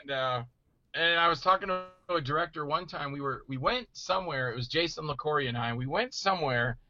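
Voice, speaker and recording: A middle-aged man telling stories in casual chat, animated and acting out voices he quotes. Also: a little high, a little fast, lo-fi sound. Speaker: guest actor telling stories.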